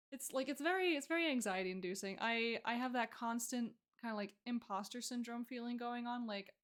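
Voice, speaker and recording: A young woman with a fairly high voice chatting on her live stream. She rambles, with plenty of fillers and frequent giggles, and her tone stays casual and loose.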